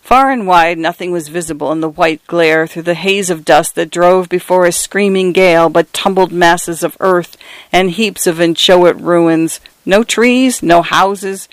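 A man narrating a story in a measured, deliberate manner. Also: sits high, clean tone, no room sound.

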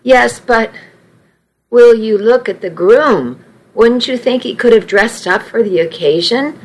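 A gossipy, tutting old lady on a rocking-chair porch, as a woman reads her, pitched up and disapproving. She draws out each complaint slowly. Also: poor audio.

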